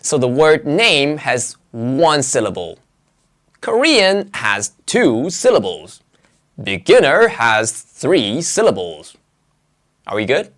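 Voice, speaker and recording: Animated, sing-song English pronunciation teacher. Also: slow. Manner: clear, emphatic teaching delivery with dramatic pitch swings. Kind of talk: scripted lesson narration.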